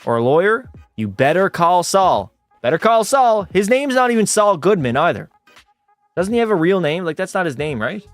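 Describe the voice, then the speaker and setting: A Canadian man with a fairly high voice chats on a gaming livestream, bantering with his viewers and answering their messages. His talk jumps up and down in pitch as he reacts. Faint music plays behind him. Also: normal speed, no echo. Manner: chatty, bantering with chat, animated jumps in pitch. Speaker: gaming streamer. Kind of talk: casual livestream chat, reading out viewer messages.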